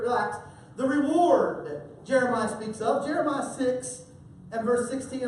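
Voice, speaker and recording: A man preaching a sermon in a church, folksy and animated, with humorous asides and stories. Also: very high-pitched, a little hiss or hum. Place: church sanctuary. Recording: very echoey hall from far off.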